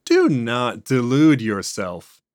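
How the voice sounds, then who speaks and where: A man voicing a slow, contemptuous ancient entity. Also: medium pitch, wildly swooping pitch, darkish tone, no echo, studio quality. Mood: cold contempt. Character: ancient cold entity possessing a man's body.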